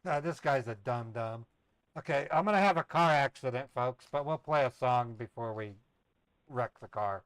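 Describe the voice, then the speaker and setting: A man talking casually on his livestream, playful and chatty, at an ordinary middle pitch. He strings a scammer along with feigned eagerness. The sound is dry and close, with no room around it. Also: moderate pace, a bit bright, clear, resonant tone, dry recording, poor audio. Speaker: scambaiting livestream host.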